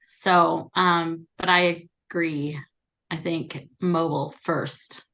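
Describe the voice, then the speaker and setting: A woman in a casual group discussion, sharing animated anecdotes about work. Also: low voice, slow pace. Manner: animated storyteller. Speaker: notary meetup participant.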